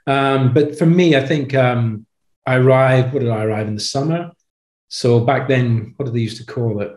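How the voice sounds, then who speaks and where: A man's voice: mid-range voice, moderate pace, a little mellow. Chatty ex-marine man in an echoey room. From United Kingdom. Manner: chatty, repeats words, lots of "you know". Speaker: podcast guest, former Royal Marine. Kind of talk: relaxed interview storytelling.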